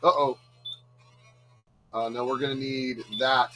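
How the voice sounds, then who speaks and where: A man's voice: medium pitch, flat delivery, slow, bright, forceful tone, soft background music, low-quality recording. A man hosting a live retro gaming stream, chatting casually and playing, cracking self-mocking jokes and laughing often. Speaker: livestream host playing retro games. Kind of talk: casual gaming chat with commentary.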